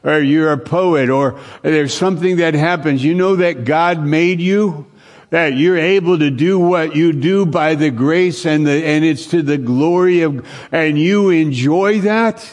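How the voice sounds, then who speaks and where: Slow, earnest male preacher. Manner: slow, earnest preaching with long pauses, sinking to a hushed low voice; repeats phrases for emphasis, with occasional restarts. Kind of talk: sermon.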